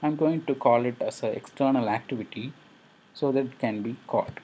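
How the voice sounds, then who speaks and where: A man's voice: medium pitch, a little fast, dark tone, breathy edge. A man explaining a coding tutorial as he works, thinking aloud with frequent hesitations. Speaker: programming instructor.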